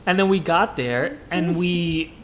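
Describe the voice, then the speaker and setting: A man's voice: high voice, takes it slowly, a little hiss or hum. Playful man hosting a podcast chat. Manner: playful, joking back and forth. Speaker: podcast host. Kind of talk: casual chat.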